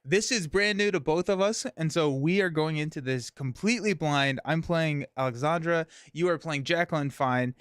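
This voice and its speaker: Smooth-voiced upbeat male streamer. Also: on the high side, fairly bright tone, no echo, clean studio sound. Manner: upbeat, laughs often, talks fast in bursts. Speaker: host. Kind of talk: casual chat about a card game stream.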